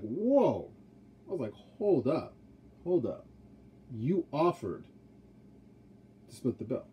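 A man's voice: medium pitch, warm tone, husky. A young man telling his own dating stories in a casual vlog, blunt and profane, with many fillers. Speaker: vlogger.

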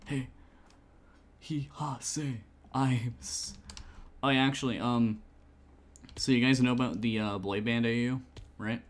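A man's voice: mid-range voice, fairly even intonation, moderate pace, long pauses. A man chatting casually while streaming a survival game, rambling with lots of fillers and self-talk. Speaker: gamer streaming a survival server.

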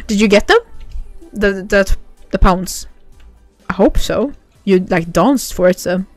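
A woman's voice: mid-range voice, wildly swooping pitch, takes it slowly, no echo, soft background music. Giggly woman streamer chatting to viewers. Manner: giggly, chatty, reacts to chat. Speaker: game streamer. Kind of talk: casual livestream chat.

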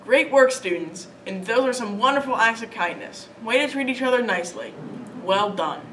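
A woman anchoring scripted school announcements in a steady, read-aloud delivery. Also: a little high, moderate pace. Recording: distant mic with faint noise.

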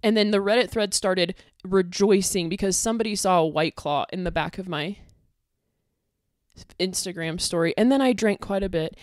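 A woman's voice: lowish voice, moderate pace, a little mellow, no echo, studio quality. A young woman ranting angrily to camera, swearing and confronting an online critic. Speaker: content creator.

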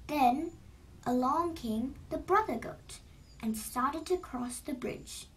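A woman narrating an illustrated storybook in a slow, expressive read-aloud style, heard from a distant mic. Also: high-pitched.

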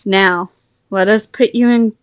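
A woman's voice: mid-range voice, steady tone, measured pace, clean tone, dry recording, close to an everyday voice. A woman voicing a frail, obsessive old man who gives terse orders in a storybook reading, barely changing her own voice. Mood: commanding.

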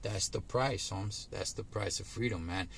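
In a casual to-camera monologue, a middle-aged trucker vlogger airs his views with laid-back street slang, often saying "man," "dog" and "homie." His lowish voice is a little slow and creaky, fairly bright with a breathy edge, and there's no room sound.

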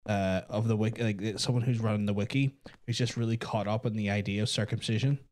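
A man's voice: lowish voice, fairly even intonation, fast, darkish tone, slight background noise. A Northern Irish man chatting casually over a video game, wry, laughing often and swearing freely. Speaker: game commentator. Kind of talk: casual gaming chat.

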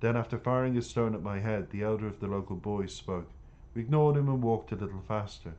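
A man narrating an audiobook in the first person, earnest and plain. His voice sits low, and the recording is muffled and lo-fi. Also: a little fast, warm tone.

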